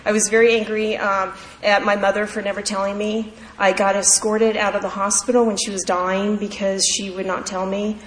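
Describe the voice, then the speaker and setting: A woman's voice: medium pitch, level tone, moderate pace, hardly any pauses. A woman candidly sharing her personal recovery story at a meeting, in a heartfelt storytelling manner. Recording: echoey hall with faint background noise.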